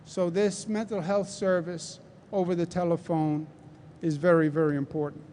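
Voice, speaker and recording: A middle-aged man from New York with a Queens accent, giving a deliberate, emphatic press briefing and repeating his points. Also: on the high side, little pitch movement, mellow, a little hiss or hum. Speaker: governor. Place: large convention center hall.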